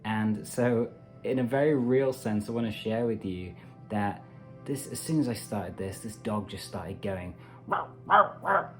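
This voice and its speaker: A man's voice: on the low side, unhurried, mellow, faint music behind. A man hosting a meditation channel, talking casually and animatedly to camera with playful asides. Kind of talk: casual self-help talk to camera.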